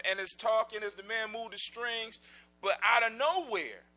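Animated male storyteller, very high voice. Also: rough recording. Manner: animated, conversational, informal grammar. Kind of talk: casual oral storytelling.

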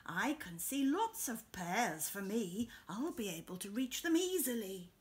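A woman voicing a big, hungry and blunt female bear in a picture-book read-aloud, speaking low, slow and emphatic. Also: big pitch swings.

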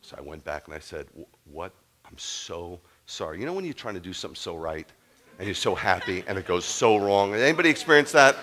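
A man preaching a sermon as a rabbi, telling a story with humor, moving from quiet asides to loud punchlines. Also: on the low side, big pitch swings, fast talker, a little hiss or hum.

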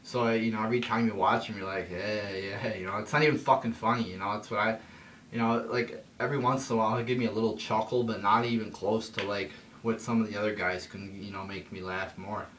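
Talking fast, a young male vlogger rants casually with a low-leaning, fairly bright voice and fairly even intonation. Full of swearing, fillers, and restarts, he heats up as he goes, his voice jumping up when mocking. The sound is echoey, with faint background noise and the mic somewhat far away.

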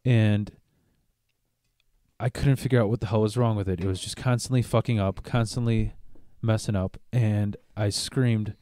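A man's voice: on the low side, fairly even intonation, moderate pace, dark tone. Swearing rambling man. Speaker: podcast co-host. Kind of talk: casual chat, telling a joke.

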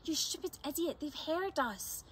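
A woman voicing a bold, bossy young girl who leads the way, brisk and commanding. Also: on the high side, expressive, slight background noise, natural voice.

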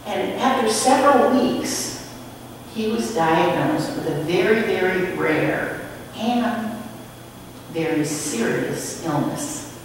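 A woman minister tells a sermon story at an unhurried pace, her voice lifting and falling with lively expression. She is heard from a distance in a church sanctuary with long reverb. A faint hiss sits under the sound. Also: lowish voice. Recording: echoey hall from afar, faint noise.

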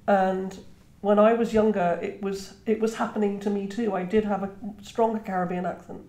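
A Trinidadian woman in her fifties, speaking British English, reflects as a guest author in a conversational interview, often restarting and saying "you know." Her medium-pitched voice is warm, delivered flatly at a normal speed. The recording has a roomy echo.

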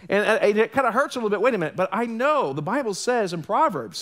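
Animated pastor preaching a live sermon. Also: male voice, high voice, fast, few pauses. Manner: animated storytelling with joking asides and acted quotes. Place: church sanctuary.

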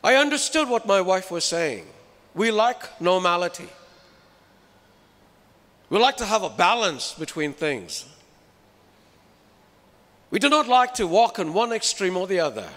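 A man's voice: high-pitched, very animated, a little slow, pauses often, fairly bright tone. A man preaching a sermon with emphasis, putting rhetorical questions to his listeners. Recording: reverberant hall.

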